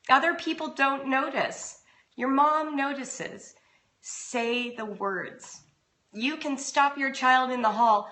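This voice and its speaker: Middle-aged woman host, heartfelt and direct with her viewers; crisp, bright delivery. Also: mid-range voice. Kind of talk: live-stream talk to parents. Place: home.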